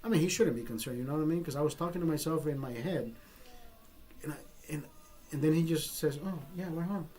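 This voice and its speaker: A man's voice: fairly high pitch, quick pace, darkish tone. A man telling a personal story in a casual vlog, rambling and swearing freely with frequent restarts. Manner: profane, rambling, self-interrupting. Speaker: vlogger.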